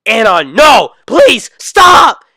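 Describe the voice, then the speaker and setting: A shrill, frazzled mother voice, as a male narrator puts her on, leaping high and swinging wildly in pitch. The sound is bright and close, with a dry mic and no room around it. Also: lively intonation, a little fast, no room sound, lightly acted. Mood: panicked pleading. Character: exasperated mother, later pleading in panic.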